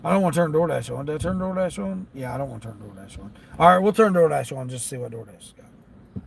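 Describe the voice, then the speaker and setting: A man vlogging from the driver's seat of his car, grumbling and thinking out loud as he checks his delivery apps. His voice is gravelly and a little higher than most men's. Faint car noise hums behind him. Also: expressive, fast talker. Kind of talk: casual talk while driving. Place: inside a car.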